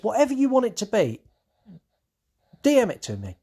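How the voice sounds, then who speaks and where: A man's voice: high voice, huge pitch swings, moderate pace, a little mellow, slightly rough. A man hosting a horror podcast, talking casually and rambling with many fillers. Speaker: podcast host.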